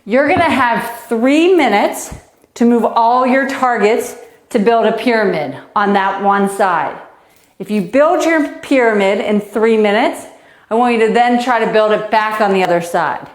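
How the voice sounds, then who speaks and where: A woman's voice: fairly high pitch, expressive, unhurried. Breathless, encouraging woman tennis coach. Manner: encouraging, coaching while hitting and counting. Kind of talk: live online kids' tennis lesson. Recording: echoey room.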